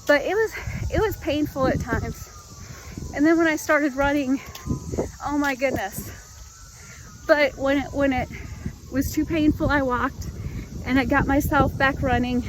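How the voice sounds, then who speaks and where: Woman in her 50s, high voice, winded after a run, earnest and chatty, outdoors in the countryside. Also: measured pace, pauses often, noisy background. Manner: chatty and earnest, addresses viewers as y'all. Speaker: fitness vlogger. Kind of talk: casual heartfelt talk to camera.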